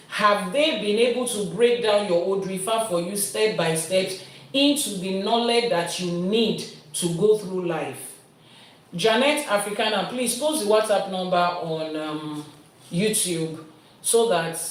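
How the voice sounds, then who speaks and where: A Nigerian woman, an Ifa priestess, patiently explains and answers viewer questions in a live-streamed teaching, building her points through everyday analogies. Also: fairly low pitch. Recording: very echoey room, voice from a distance.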